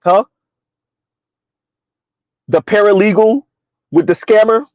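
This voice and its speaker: A man hosting a relaxed live commentary stream, chuckling as he reads out comments from his viewers. His voice sits a bit high for a man and is dry, with little room sound. The sound is muffled and lo-fi. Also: takes it slowly, dry recording. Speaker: commentary channel host.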